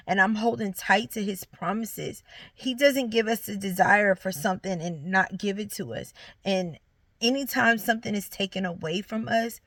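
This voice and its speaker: A woman's voice: medium pitch, a bit bright, no room sound. A young woman, giving an earnest, encouraging faith testimony straight to her viewers. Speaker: vlogger sharing her story. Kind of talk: heartfelt faith testimony to camera.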